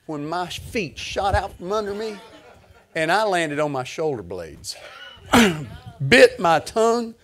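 Animated older preacher. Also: male voice, takes it slowly. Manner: animated, swings from low murmurs to loud excited bursts. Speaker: pastor. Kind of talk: storytelling sermon.

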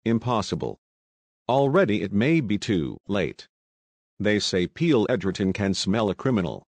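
A man voicing an excitable Russian male conspirator, speaking with urgent reproach. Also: lowish voice, unhurried, no room sound, full character voice. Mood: agitated.

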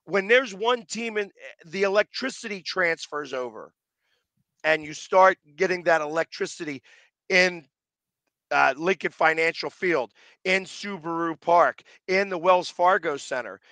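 A man who makes sports-fan videos, talking in a casual interview with a loud, passionate manner and a slightly raspy, deepened voice. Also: dry recording. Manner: loud, passionate, quick restarts.

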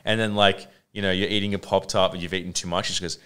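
A man with a low, smooth, resonant voice, chatting on a podcast. He rambles and mocks himself, stringing thoughts together with fillers. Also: flat delivery, fast, fairly bright tone. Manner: rambling, self-mocking, many fillers. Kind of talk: casual banter.

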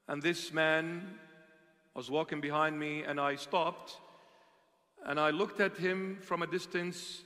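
Passionate bishop, a man with a high, bright, cutting voice, preaching from hushed to loud in a reverberant hall. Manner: impassioned, swings from hushed to loud. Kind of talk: sermon storytelling.

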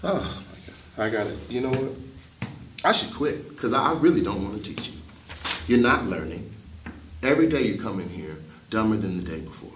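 A man playing a teacher in a comedy sketch, roasting his students in a loud, mocking way. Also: on the low side, lively intonation, fairly quick, recorded from a distance. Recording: echoey room with background noise.

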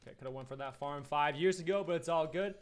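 A man's voice: a little high, fast. A young man at home chatting casually and rambling while streaming a video game. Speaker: gaming streamer. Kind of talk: casual livestream commentary.

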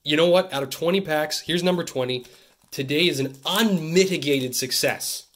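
A young man from Canada hosting a card-opening video, chatting to camera in an excitable, jokey way that swings between loud bursts and muttered asides. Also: fairly high pitch, normal speed. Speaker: card-opening channel host. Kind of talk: casual pack-opening chat to camera.

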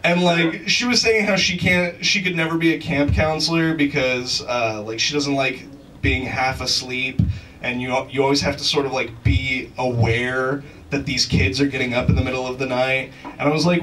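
A man's voice: mid-range voice, steady tone, normal speed, fairly bright tone, far from the mic, slight background noise, low-quality recording. A man doing a stand-up comedy set on a club stage, rambling with lots of fillers and laughing at his own jokes. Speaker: stand-up comic.

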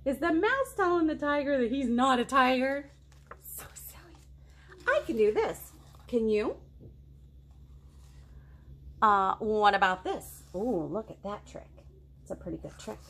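A woman's voice: on the high side, sing-song, unhurried, long pauses, a bit bright. A woman children's librarian reading picture books aloud and asking the children questions. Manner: playful, asks the kids questions.

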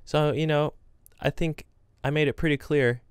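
A man's voice: on the high side, fairly even intonation, normal speed, clear, resonant tone, dry recording, studio quality. A young man chatting casually to his camera, telling rambling, self-deprecating stories about work and games. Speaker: gaming vlogger. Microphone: camera with green screen.

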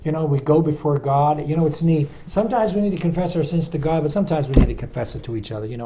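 A man, a pastor, leading a Bible study in a loose, animated teaching style and asking a helper to read verses aloud. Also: fairly high pitch, fast talker, few pauses, a crowd in the background, rough recording. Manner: animated, talks straight to listeners and asks a helper to read verses.

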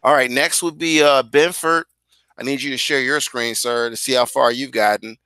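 A man's voice: medium pitch, steady tone, moderate pace, pushed and bright, smooth, dry recording. A male teacher guiding students through an online class on a video call, talking casually but directly and firmly.

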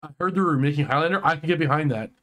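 A fairly high-voiced man talks in a relaxed online chat. He gets excitable and animated, tripping over restarts as he rants. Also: rapid-fire. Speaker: podcast co-host. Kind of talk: casual chat.

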